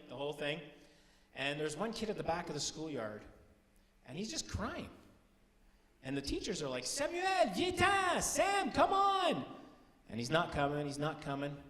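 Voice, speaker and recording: A middle-aged man from Canada with a Canadian accent, doing animated stand-up storytelling on stage and jumping into high, shouted bits. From Timmins, Ontario, Canada. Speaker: stand-up comedian. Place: stage in a large hall. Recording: roomy hall with long reverb.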